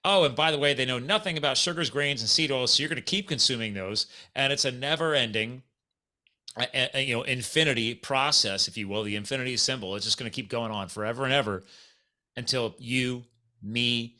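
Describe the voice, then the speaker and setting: A man's voice: mid-range voice, bright, forceful tone. A man from the United States hosting a podcast in casual chat, making emphatic points straight to his listeners. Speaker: podcast host.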